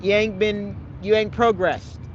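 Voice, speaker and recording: This livestreamer answers his chat by scolding and confronting it, cursing a lot, repeating himself and tacking "man" onto his lines. He speaks in a high, steady, unhurried voice. The recording sounds muffled, with a little hiss or hum.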